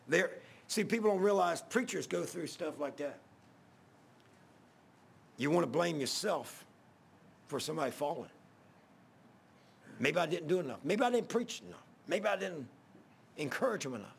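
Gravelly preacher telling a story. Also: male voice, on the high side, lively intonation, normal speed, long pauses. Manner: rambling, repeats himself, swells loud at emotional peaks. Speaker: pastor. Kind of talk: folksy storytelling sermon.

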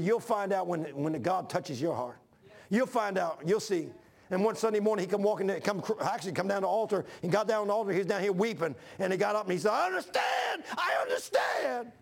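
A man's voice: high voice, creaky, a little mellow. A man in his sixties preaching a folksy, repetitive sermon to his church. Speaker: pastor.

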